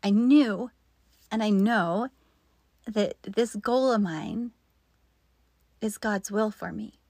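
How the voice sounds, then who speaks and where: A woman in her fifties telling a personal faith story in an earnest way, sometimes dropping into soft whispered asides. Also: mid-range voice, slow, no echo, studio quality. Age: 50s.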